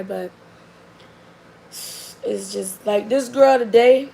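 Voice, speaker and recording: A woman's voice: medium pitch, steady tone, a little slow, vocal fry, darkish tone, low-quality recording. A young adult woman, chatting casually and animatedly about her child, with lots of fillers. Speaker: mother. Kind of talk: casual storytelling chat. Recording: faint background noise.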